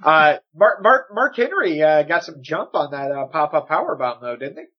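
Husky man, stammering and sarcastic. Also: fairly high pitch, big pitch swings, normal speed. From United States. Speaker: podcast co-host. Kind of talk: casual wrestling chat. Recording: slightly muffled audio.

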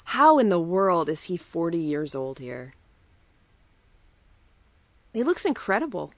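A woman's voice: on the low side, very animated, a little slow, dry recording. A woman co-hosting a podcast, chatting enthusiastically, laughing and swearing casually. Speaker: podcast co-host. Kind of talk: casual chat recapping wrestling.

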